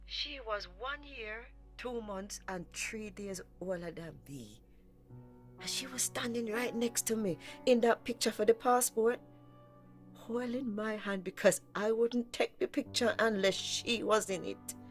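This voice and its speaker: An actress playing an ageing mother with early dementia, who scolds sternly and recalls the past slowly. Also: on the high side, natural voice. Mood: reminiscing. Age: older. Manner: stern, scolding, then slow and reminiscing. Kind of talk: radio drama acting. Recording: studio audio drama with soft music.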